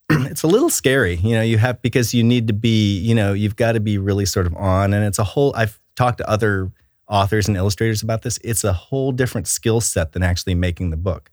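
Deep-voiced man, dry close sound. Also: a little fast, darkish tone, no room sound. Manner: enthusiastic and storytelling, with many fillers and restarts. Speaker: children's book author and illustrator. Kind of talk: relaxed interview chat.

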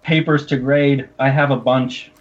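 A man's voice: medium pitch, steady tone, a little slow, dull audio. Giggly man reading mock-serious verse. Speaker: podcast co-host. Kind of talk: casual chat, comic poem reading.

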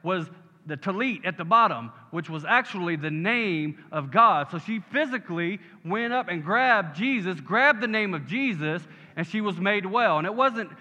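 A man's voice: high voice, lively intonation, moderate pace, sharp tone. A man preaching a sermon as pastor. He builds to emphatic peaks and keeps asking his congregation "Amen?". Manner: rising to emphatic call-and-response, asking "Amen?". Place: church sanctuary. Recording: muffled sound with long hall reverb.

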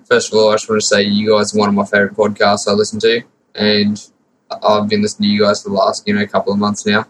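A man's voice: on the low side, completely flat delivery, quick pace, slight background noise, low-quality recording. An Australian man in his late teens leaving a voice message as a caller, earnest and unsure, rambling through his question. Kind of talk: recorded listener voicemail.

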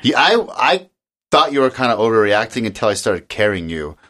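A young man co-hosting a podcast in casual chat, telling an animated story, acting out the quotes and laughing often. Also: lowish voice, a little fast. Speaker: podcast co-host.

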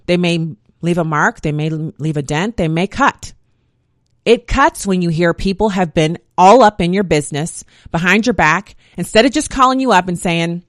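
Lowish woman's voice preaching scripture affirmations, emphatic, dry close sound. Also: normal speed, no echo. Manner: emphatic, reciting verses in a steady cadence. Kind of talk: faith-based monologue reciting scripture.

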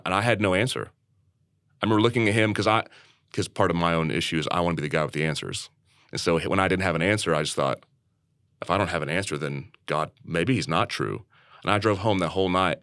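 Deep-voiced earnest man telling a story. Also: a bit bright, no echo, clean studio sound. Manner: earnest, repeats words when restarting. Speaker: church leader and podcast co-host. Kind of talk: candid conversational storytelling.

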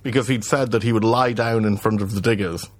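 Dry-sounding, jokey podcast co-host. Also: male voice, on the low side, fairly even intonation, brisk, no room sound. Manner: laughing, jokey, sweary. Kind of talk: casual chat.

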